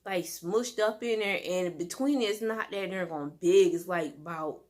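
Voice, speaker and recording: A woman's voice: on the low side, a little slow. Chatty woman rambling through a story. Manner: rambling, animated, many fillers and restarts. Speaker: vlogger. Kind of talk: casual storytime monologue.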